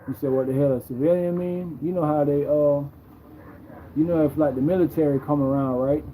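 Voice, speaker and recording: Laid-back man with a dark voice. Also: a little high, steady tone, fairly quick, slight background noise, low-quality recording. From Jamaica. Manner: laid-back, repeats himself, ends phrases with "bro". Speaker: livestream host. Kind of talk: casual livestream storytelling.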